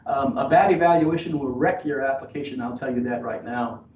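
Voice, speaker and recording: A man's voice: mid-range voice, fairly quick, a little mellow. A man speaking as an admissions officer in a webinar, giving earnest advice with many fillers and restarts. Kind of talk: webinar presentation. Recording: roomy, distant, dull lo-fi webinar audio.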